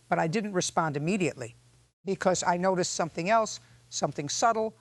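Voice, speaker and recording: Woman narrator in a judge's role, measured and reflective, with a dry, close sound. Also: lowish voice, dry recording. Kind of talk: scripted narration.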